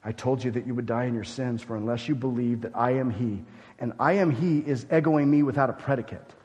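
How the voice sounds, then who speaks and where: A man's voice: medium pitch, fairly even intonation, fast talker, highs cut off. Male pastor, mid-range voice, emphatic sermon delivery, long hall reverb. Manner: emphatic preaching, swinging between loud urgency and hushed gravity.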